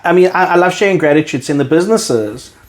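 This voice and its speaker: A man's voice: a little high, fast. A man with a South African accent, a guest in a casual podcast conversation, telling stories and acting out the dialogue in them. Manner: animated storyteller who acts out quoted dialogue.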